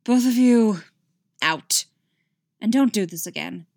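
A weary king who has run out of patience and scolds in clipped lines, read by a woman. The voice sits at a middling pitch. It is recorded dry and close, with no room sound. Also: moderate pace, no room sound, close to an everyday voice. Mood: angry. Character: exasperated male king, stern and weary.

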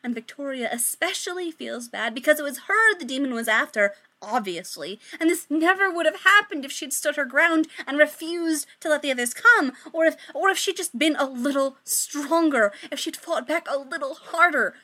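A woman reads a story aloud, swearing casually and stopping for playful side remarks to her listeners. Her voice is bright and forceful and sits somewhat high for a woman. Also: lively intonation, normal speed, hardly any pauses. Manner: chatty, swears, breaks off for joking asides. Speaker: story reader. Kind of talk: reading fan fiction aloud.

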